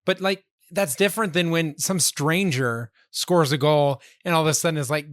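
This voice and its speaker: A man with a slightly high voice telling stories about himself in a casual chat. He is wry and self-deprecating. The mic sound is close and dry. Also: moderate pace, dry recording.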